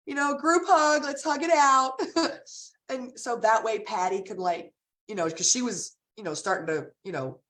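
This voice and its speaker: A woman telling stories in a casual vlog, chatty and animated, laughing often and using many fillers. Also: mid-range voice, recorded from a distance. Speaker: direct sales team leader.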